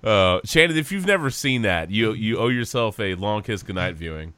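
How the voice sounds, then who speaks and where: Man, sports podcast co-host, casual chat, bright voice, animated pitch, laughs a lot, dry sound. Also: moderate pace, dry recording. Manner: laughs often, jokey, lively.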